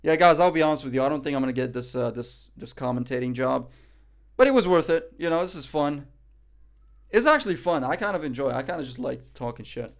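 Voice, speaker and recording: A man's voice: medium pitch, lively intonation, quick pace. A man streaming live, reacting in casual chat; cocky, joking, profane and rambling.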